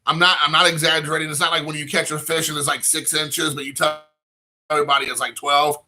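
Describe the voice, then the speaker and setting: Rambling man telling a story, bright voice. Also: a little high, level tone, fast talker. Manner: rambling, heavy use of "like" fillers, quoting himself and others. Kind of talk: casual anecdote storytelling.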